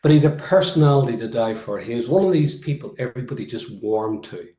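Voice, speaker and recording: A hoarse man, a motivational speaker telling anecdotes to students in a conversational way. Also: medium pitch, animated, quick pace, dark tone, reverberant, lo-fi sound. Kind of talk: storytelling talk to students.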